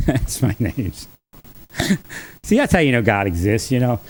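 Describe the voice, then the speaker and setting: A man's voice: mid-range voice, darkish tone. A man talking alone on his livestream, rambling and chuckling often between thoughts. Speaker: livestream host. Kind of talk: rambling solo livestream talk.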